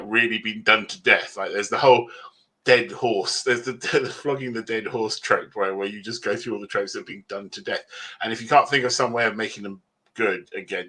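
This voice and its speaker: A man with a bright, edgy voice and a husky grain. He rambles through his answers and often laughs at himself. He is a guest on a convention panel. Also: lowish voice. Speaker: author guest.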